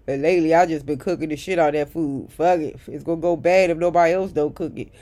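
A woman telling a casual storytime rant to her viewers, blunt and profane and exasperated, swinging between loud outbursts and muttered asides. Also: low voice, fairly even intonation, quick pace. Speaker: vlogger.

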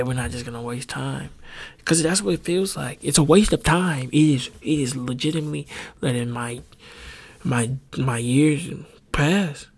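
A man with a gravelly, husky voice rambles through a casual podcast monologue. He rants and swears freely, and his pitch jumps high whenever he gets worked up. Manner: profane, animated ranting with sudden high-pitched outbursts. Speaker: podcast host.

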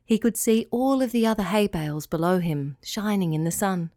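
A woman reading a children's story aloud, in a calm, clear and expressive way. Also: medium pitch, normal speed, dry recording, clean studio sound.

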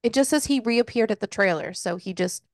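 A woman co-hosting a casual podcast, recapping a book in an exasperated, swearing, animated way and voicing the characters' lines. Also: fairly high pitch, brisk, no echo, clean studio sound. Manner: swearing, exasperated, animated retelling with voiced quotes. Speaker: podcast co-host.

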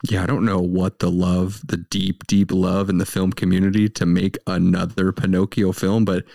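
A man with a lowish voice co-hosts a casual podcast. He answers with quick, dry banter, recorded close in a dead, dry space. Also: level tone, vocal fry, mellow, no echo. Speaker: podcast co-host.

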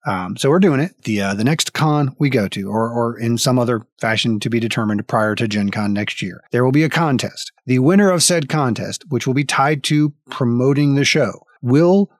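A man's voice: medium pitch, normal speed, hardly any pauses, no echo. A man running a tabletop game as dungeon master, wry and rambling, swearing often as he reads out thanks.

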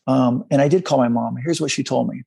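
This is a middle-aged man with a deeply gravelly, husky voice. He speaks in a dry, close sound. He tells his story in a halting, confessional way and briefly takes on the voices of the people in it. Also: dark tone, dry recording. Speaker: guest. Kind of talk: candid personal storytelling in a conversation.

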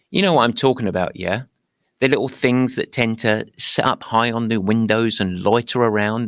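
This English podcast host speaks British English in a mid-range, creaky voice with a fairly bright tone. The recording is dry and studio quality. His upbeat monologue is playful, laced with theatrical mock outrage.

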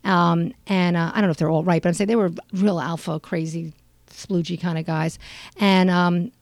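An older woman comedian chatting in an interview, telling animated stories full of fillers and acted-out quotes. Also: moderate pace, no room sound. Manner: animated storyteller, acts out quotes with big pitch jumps; frequent fillers. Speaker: stand-up comedian guest. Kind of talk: casual interview chat.

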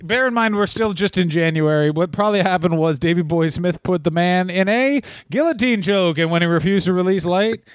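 A man's voice: high-pitched, a little fast, few pauses, smooth, no room sound. Sardonic man, dry close mic. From Canada. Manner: sardonic, profane storytelling. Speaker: podcast co-host. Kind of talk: casual comedic chat.

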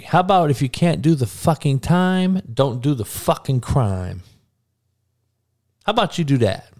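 Man ranting profanely on a podcast. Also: mid-range voice. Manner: blunt, heavily profane, rants and repeats lines for emphasis; calls out live listeners by name. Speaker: podcast host. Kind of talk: live podcast rant.

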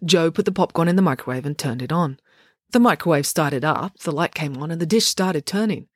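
A woman narrating a children's story, with expressive, animated storytelling. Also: low voice, fairly quick, no room sound, studio quality. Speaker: audiobook narrator. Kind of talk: storybook reading.

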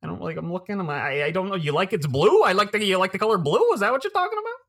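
Man playing hack stand-up comic, rambling, stammering, bright, lively pitch. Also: very fast, heavily acted. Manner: rambling, stammering, self-promoting. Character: self-promoting male stand-up comic, corny. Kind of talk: comedy sketch.

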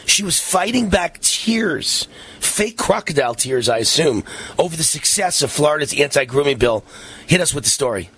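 A man's voice: on the high side, lively intonation, normal speed, a bit bright, husky. A man hosting a talk radio show, reading ads and interviewing a guest in an emphatic, combative way.

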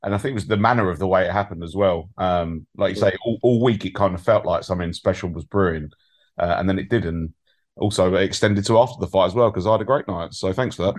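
A man's voice: low voice, quick pace. A man co-hosting a podcast, chatting casually and hesitantly as he rambles through a memory. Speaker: podcast co-host. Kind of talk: casual interview chat.

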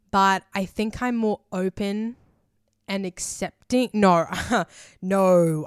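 A woman's voice: medium pitch, slow, clean tone, no echo, studio quality. A woman hosting a solo podcast, talking in a rambling, emotional way full of fillers and casual swearing. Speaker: podcast host.

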